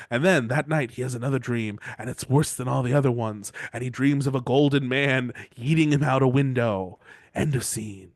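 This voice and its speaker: A man hosting a podcast, recapping chapters in a casual, sarcastic way and acting out characters in quick voices. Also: medium pitch, dry recording, clean studio sound. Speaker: podcast host.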